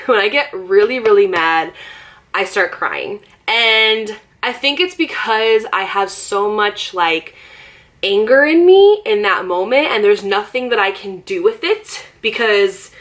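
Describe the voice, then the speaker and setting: Animated young woman telling a storytime. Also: mid-range voice. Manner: animated, with laughs, "like" fillers and voiced quotes. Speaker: vlogger. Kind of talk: casual storytime.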